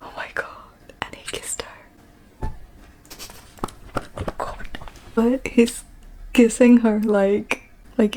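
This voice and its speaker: Gushing young woman with a gravelly voice. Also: medium pitch. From Bangladesh. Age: young adult. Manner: gushing, animated retelling with giggles and whispered asides. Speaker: book vlogger. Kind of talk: casual book recap.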